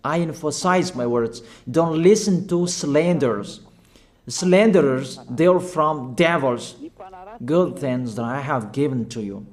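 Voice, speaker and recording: Slow, emphatic male preacher. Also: mid-range voice, a little mellow. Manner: emphatic, repetitive exhortation with short commanding phrases; halting non-native English with fillers. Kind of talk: sermon.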